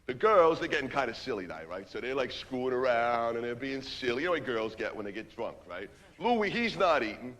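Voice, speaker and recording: A man's voice: medium pitch, big pitch swings, a little fast, few pauses, a bit bright, long reverb tail, slight background noise. An actor playing a brash, streetwise young man who rambles through a story in ungrammatical slang and keeps asking "right?" in a stage monologue. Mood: boastful. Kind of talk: theatrical comic monologue.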